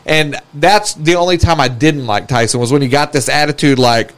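A man's voice: medium pitch, fairly quick, few pauses. A man from the American South co-hosting a casual reaction chat, blunt and swearing freely as he tells stories. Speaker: podcast co-host.

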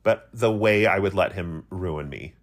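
A man's voice: low-pitched, a little slow. A man co-hosting a casual comedy podcast, rambling and giggly, poking fun at himself. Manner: rambling, giggly, self-mocking. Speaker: podcast co-host.

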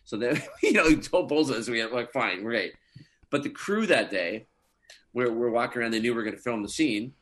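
A man's voice: mid-range voice, normal speed, a bit bright, a little hiss or hum. A man being interviewed as an actor guest, telling stories in a chatty way with many fillers and frequent laughter. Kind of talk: casual interview chat.

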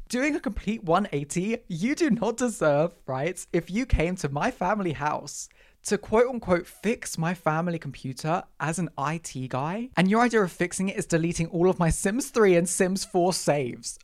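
In studio-quality audio with no room sound, a young woman with a low, animated voice rants at a moderate pace on her own podcast. The comedic tirade is packed with over-the-top outrage and swearing.

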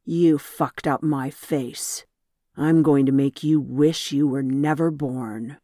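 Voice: mid-range voice, fairly even intonation, slow, warm tone, dry recording, studio quality. A narrator voicing a leering, brutal thug. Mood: threatening. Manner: menacing, sneering.

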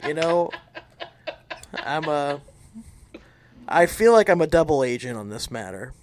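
A man's voice: fairly high pitch, very animated, measured pace, slight background noise. A man co-hosting a podcast in casual chat, dry and teasing. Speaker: podcast co-host.

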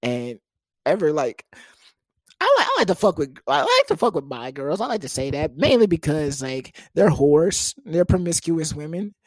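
A man's voice: fairly high pitch, wildly swooping pitch, normal speed, no echo. A young man hosting a casual solo podcast, joking crudely and laughing often, close to the mic. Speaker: podcast host. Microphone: close studio mic.

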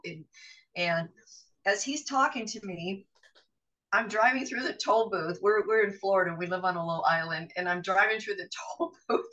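Speaking at normal speed with a medium-pitched voice, a middle-aged podcast guest animatedly recounts something from her own life and imitates the voices of others. The mic is distant and the audio quality poor.

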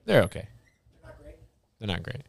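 A man's voice: unhurried, no echo. A man co-hosting a casual podcast who chimes in with wry, teasing asides. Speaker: podcast co-host. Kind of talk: casual chat.

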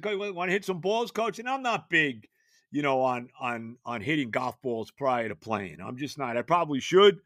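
Animated older New man, bright voice. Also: on the high side, no room sound, studio quality. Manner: rambling, animated, many fillers and restarts. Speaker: podcast host. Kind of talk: casual storytelling monologue.

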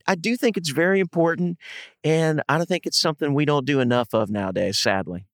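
A man's voice: fairly high pitch, fairly quick, no echo, clean studio sound. A man from Ohio, a podcast guest, chatting casually and telling stories with animation. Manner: animated storyteller.

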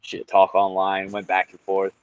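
Low-voiced man telling fight stories. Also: moderate pace, clean tone, no echo, lo-fi sound. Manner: animated storytelling, swears often. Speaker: guest, kickboxer and Muay Thai instructor. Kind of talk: casual podcast chat.

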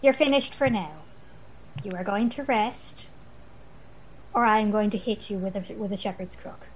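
A woman's voice: medium pitch, normal speed, slight background noise, close to an everyday voice, poor audio. A woman doing a stern, bossy healer. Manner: firm, commanding.

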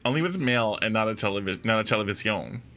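A man with a bright, lively voice co-hosts a casual chat. He tosses off playful quips and laughs easily. His pitch moves up and down a lot. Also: fast. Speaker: podcast co-host.

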